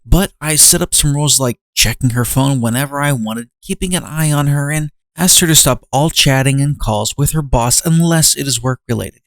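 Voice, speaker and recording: A man's voice: medium pitch, moderate pace, few pauses, fairly bright tone, no echo. A man hosting a show, reading an online story aloud and breaking in with exasperated comments of his own. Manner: reads first-person posts aloud, breaks in with exasperated asides.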